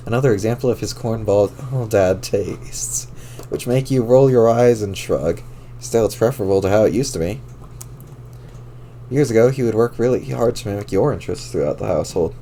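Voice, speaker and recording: A man's voice: lowish voice, dark tone, slight background noise. A man reading a webcomic aloud on a stream, in a wry, amused way with his own asides. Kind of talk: casual read-aloud narration.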